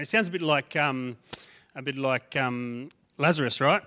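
A man preaching a sermon as a guest speaker in a conversational way, his voice rising and growing loud on emphatic lists and dropping quiet on asides. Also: medium pitch, moderate pace.

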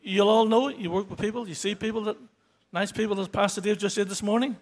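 Man, 60s, testimony at church, earnest and stumbling, higher voice. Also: steady tone. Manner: halting, many restarts and fillers; earnest, grows emotional toward the end. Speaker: church member giving testimony. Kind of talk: unscripted testimony.

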